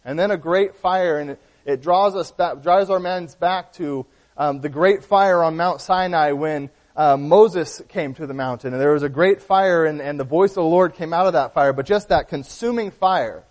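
Higher-voiced man preaching in an echoing hall. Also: moderate pace, few pauses. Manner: earnest Bible teaching with frequent restarts. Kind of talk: sermon. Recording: dull lo-fi sound with long hall reverb.

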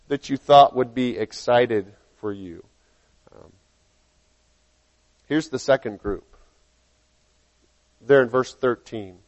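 A man preaching a sermon, reading scripture aloud and acting out the people in it with lively changes of voice. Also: a little high, highs cut off. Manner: animated, acts out dialogue in quotes.

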